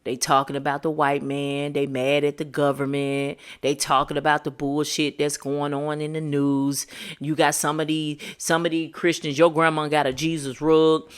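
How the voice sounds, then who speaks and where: A woman's voice: low-pitched, level tone, moderate pace, clean tone. A woman hosting a podcast, giving a motivational monologue in a preachy, emphatic, slangy way. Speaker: podcast host.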